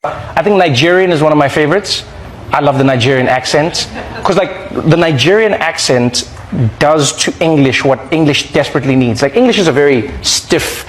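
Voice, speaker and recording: A man doing stand-up in a playful way, slipping into lively character voices. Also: on the high side, moderate pace, background noise. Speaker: stand-up comic. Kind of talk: stand-up routine.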